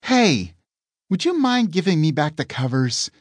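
Male narrator putting on a young woman, prim, courteous, formal phrasing, raised pitch, lively lilt, audiobook. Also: a little slow, no echo. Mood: pleading.

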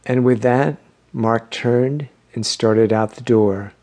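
A male audiobook narrator reads a novel in scripted narration. His pace is slow and deliberate, the storytelling measured and even. The voice sits in a middle pitch.

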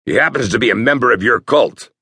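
A man's voice: sits low, lively intonation, brisk, vocal fry, a bit bright, breathy edge, no echo, pitched above the performer's own voice, exaggerated voice. Brief: hard-edged detective chief, barking orders, read by a male narrator, dry close sound. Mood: harsh. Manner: harsh, commanding.

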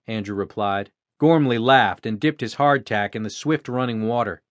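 A man narrating an audiobook in a steady, even reading style. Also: medium pitch, normal speed, no room sound, studio quality. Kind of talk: scripted narration.

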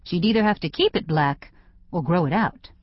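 A woman's voice: fairly low pitch, expressive, normal speed, dry recording. Wry woman narrating an audiobook. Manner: wry, conversational storytelling. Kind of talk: scripted first-person narration. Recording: dry, slightly dull studio audio.

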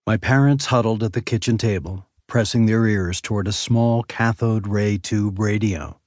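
A man narrating a memoir audiobook in a measured, even storytelling manner on a close studio mic. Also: lowish voice, dry recording.

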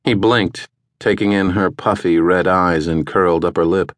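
A man narrating an audiobook in a measured, even way, recorded in a studio. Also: deep voice, dry recording. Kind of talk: scripted narration.

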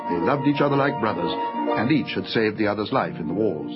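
Male audiobook narrator, lively theatrical reading, slightly muffled sound, faint music beneath. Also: lowish voice, a little fast. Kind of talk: scripted storybook narration.

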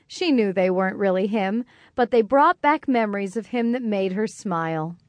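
A woman narrating a children's audiobook in a gentle, clear and expressive way. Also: medium pitch, moderate pace.

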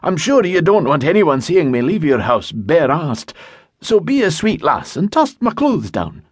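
A man doing a smooth-talking Highland rake. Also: sing-song, a little slow, dry recording, exaggerated voice. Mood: coaxing. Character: young Highland rake, charming and glib.

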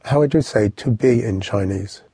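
A man teaching an audio language lesson, explaining with lively, vivid storytelling and direct instructions. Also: fairly low pitch, moderate pace, slightly rough, no room sound.

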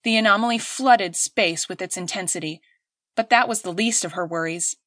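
Woman, audiobook narrator, steady storytelling, mid pitch, dry close mic. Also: normal speed, dry recording. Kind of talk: scripted narration.

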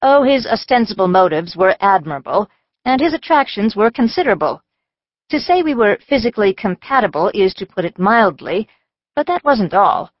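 A woman's voice: medium pitch, very animated, moderate pace, no echo. A woman narrating an audiobook in the first person, with a wry, dry-humored delivery. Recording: slightly dull dry studio audio.

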